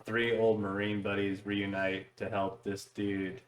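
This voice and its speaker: A man's voice: lowish voice, little pitch movement, unhurried. A man chatting casually on a podcast, laid-back and full of fillers. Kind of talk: casual chat. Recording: echoey room.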